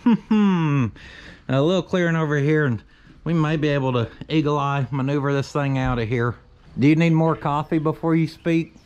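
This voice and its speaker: Standing by a carport behind a workshop, the man hosting this shop vlog jokes around in folksy country slang. His fairly high voice moves at normal speed and sounds a little mellow, clear, and resonant, though the highs are cut off.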